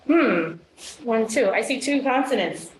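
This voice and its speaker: A woman teacher leading a classroom phonics demonstration with brisk quizzing questions and quick praise. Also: a little high, expressive. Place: meeting room. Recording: echoey room.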